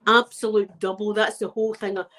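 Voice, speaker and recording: Speaking fairly quickly at medium pitch, with little pitch movement and a slightly bright sound, an older Scottish-accented woman chats to camera. This ASMR vlogger from Scotland tells her viewer funny stories and laughs as she goes.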